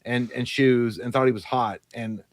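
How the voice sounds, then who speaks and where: A man co-hosting a live podcast tells profane stories in casual chat, animatedly voicing the quoted lines. His voice is mid-range at a moderate pace, with no room sound.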